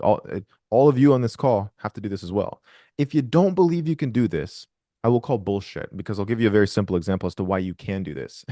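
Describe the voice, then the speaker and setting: A man's voice: on the low side, a little mellow, no echo, clean studio sound. A man coaching a group on a call, blunt and profane, who acts out quoted voices. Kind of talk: casual coaching talk on a call.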